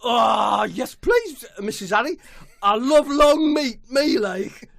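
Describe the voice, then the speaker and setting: A man voicing an excitable, loud young footballer in a high, squeaky voice. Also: slow pace, vocal fry, exaggerated voice. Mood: excited. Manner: shouty and squeaky.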